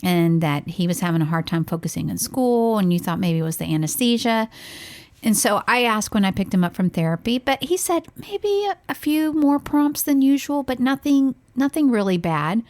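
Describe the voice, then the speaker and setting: A middle-aged woman co-hosting a parenting podcast, telling a story in a lively way, acting out the dialogue and laughing. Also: a little high, moderate pace. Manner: animated, acts out quoted dialogue, laughs. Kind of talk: casual chat, storytelling.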